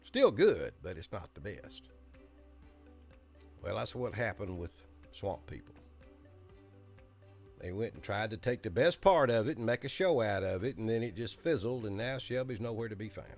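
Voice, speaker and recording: A man's voice: on the low side, animated, normal speed, pauses often, darkish tone, faint music behind. A middle-aged man from Alabama with a Southern accent, hosting a casual live weather chat in a folksy, chatty way. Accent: Southern American, Alabama.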